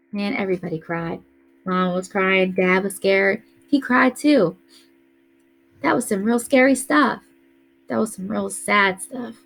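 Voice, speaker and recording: Quiet, earnest woman narrating a story. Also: lowish voice, steady tone, normal speed, creaky. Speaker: audiobook reader. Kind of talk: first-person story narration.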